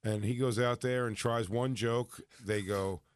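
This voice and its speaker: A comedian guest with a smooth, medium-pitched voice tells a funny story at a measured pace during a casual chat. He's animated, acting out the people he quotes and laughing as he goes.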